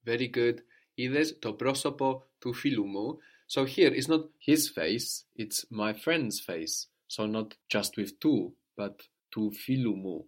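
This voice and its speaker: A man's voice: fairly low pitch, slow, few pauses. Patient man teaching a language lesson. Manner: patient, explanatory, ends points with a questioning "no?".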